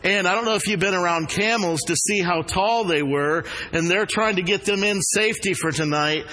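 A man's voice: high voice, moderate pace, sharp tone. A man preaching a sermon as pastor, with an earnest, repeating cadence, in a church. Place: church sanctuary. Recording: long reverb of a hall.

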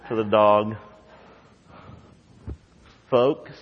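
A man preaching a sermon as pastor, swinging from quiet, low asides to loud, high emphatic lines. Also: a little slow. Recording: dull sound with long hall reverb.

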